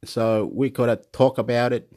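A man's voice: medium pitch, steady tone, measured pace, warm tone. A man rambles through a stream-of-consciousness vlog. He repeats his words and leaps between topics. Laughter keeps slipping into his talk. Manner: rambling, repetitive, laughs often. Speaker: YouTuber.

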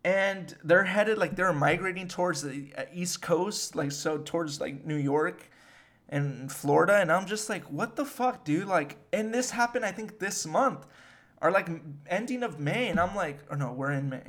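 Young dude podcasting, slangy and swears a ton, voice sits kinda high. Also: male voice, normal speed, fairly bright tone. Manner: slangy, profane, rambling. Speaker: podcast host. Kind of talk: casual chat.

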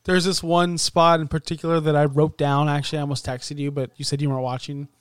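A man co-hosting a casual wrestling podcast, excitable and rambling, with plenty of ums and fillers. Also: on the high side, fast, smooth, no echo, clean studio sound. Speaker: podcast co-host.

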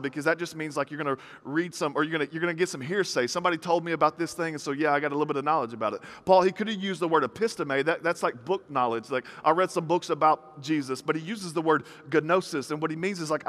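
In a reverberant hall, a male pastor in his thirties delivers a sermon conversationally, driving points home with punchy repetition. His voice is fairly high in pitch with a fairly bright tone.

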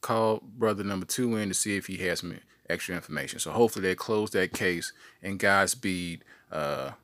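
Brief: male podcast host, low and bright-edged voice, joking storyteller, dry close mic. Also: fairly quick, gravelly, no echo. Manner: playful storyteller, slangy asides. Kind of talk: casual solo podcast monologue.

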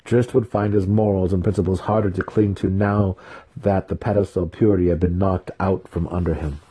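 A man narrating a fantasy novel in a steady, unhurried reading. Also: sits low, husky. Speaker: audiobook reader.

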